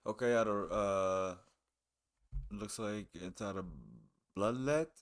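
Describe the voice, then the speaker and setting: On his live stream, a man with a lowish voice speaks slowly while casually discussing a game. His manner is easygoing, and he often repeats phrases.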